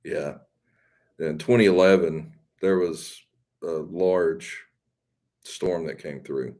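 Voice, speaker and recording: A man's voice: deep voice, steady tone, measured pace, darkish tone. A man with a Southern accent, hosting a live stream and chatting casually with viewers in a rambling, folksy, self-deprecating way. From Mississippi.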